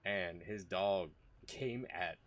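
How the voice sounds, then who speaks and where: A man's voice: deep voice, slow pace, fairly bright tone. A man streaming casual commentary, rambling and profane with many restarts.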